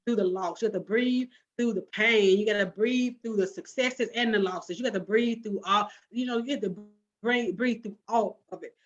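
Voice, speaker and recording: A woman's voice: mid-range voice, moderate pace. Woman with a preachy, repeating cadence. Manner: preachy, repetitive cadence with many restarts. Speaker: guest author and blogger. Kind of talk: casual podcast conversation. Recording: dull lo-fi sound.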